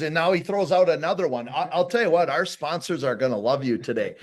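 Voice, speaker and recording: A man's voice: on the high side, brisk, few pauses, fairly bright tone. A man hosting a casual hockey podcast, chatty, repeating words and laughing easily. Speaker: podcast host. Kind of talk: casual interview chat.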